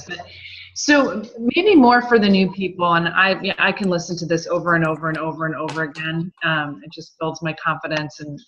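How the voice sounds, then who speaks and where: Hesitant lower-voiced woman on a call. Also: a bit bright. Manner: rambling, hesitant, with ums and restarts. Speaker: team member asking a question. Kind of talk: casual question on a group call. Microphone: video call. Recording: dull echoey call audio.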